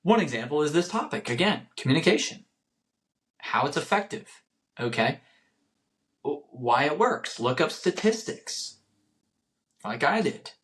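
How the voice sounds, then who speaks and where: A man's voice: a little high, very animated, measured pace, pauses often, a bit bright. A young man hosting a solo motivational podcast. He talks earnestly and repeats phrases for emphasis. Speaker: podcast host.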